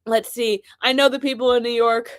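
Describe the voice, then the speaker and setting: A woman's voice: a little high, steady tone, a little fast, crowd noise. Blunt, sarcastic woman commentator. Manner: blunt, sarcastic, swears freely. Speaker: political commentary host. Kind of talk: casual political commentary.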